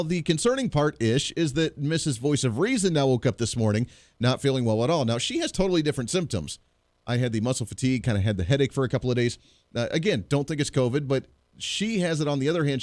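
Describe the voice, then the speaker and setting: A man's voice: medium pitch, a little mellow, dry recording. A man hosting a talk radio show, a little congested, chatty and joking with frequent restarts, in a radio studio. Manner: chatty, jokey, lots of restarts.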